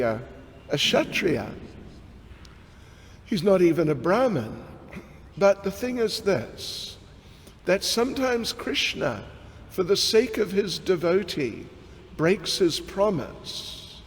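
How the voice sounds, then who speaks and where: A man, a swami, giving a scripture class as a sermon, talking slowly and deliberately and clearing his throat often. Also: on the high side. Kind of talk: sermon-style scripture lecture. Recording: long hall reverb with faint background noise.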